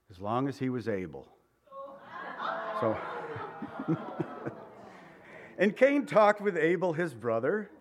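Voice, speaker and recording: A man preaching a sermon, animated and acting out the voices he quotes. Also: a little high, slight background noise. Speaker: pastor.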